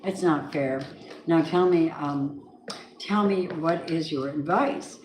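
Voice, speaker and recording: A woman's voice: deep voice, slow, a little mellow, slight background noise. A woman giving a weekly tarot reading, chatty and blunt, talking straight to the viewer. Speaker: tarot reader. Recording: roomy echoey room.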